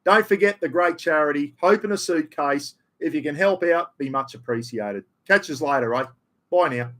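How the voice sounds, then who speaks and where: A man's voice: on the high side, normal speed, fairly bright tone. A middle-aged Australian man hosting a live stream, rambling in casual chat full of slang. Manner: rambling, chatty, ocker slang.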